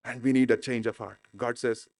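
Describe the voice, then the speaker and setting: A man's voice: mid-range voice, steady tone, brisk, gravelly, darkish tone, no room sound. A man preaching a sermon as pastor in an informal, conversational way. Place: church.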